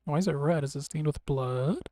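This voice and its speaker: A man streaming a game live, making relaxed, rambling commentary with wry, sarcastic asides. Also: a little high, brisk, dry recording. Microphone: desk mic on a streaming setup.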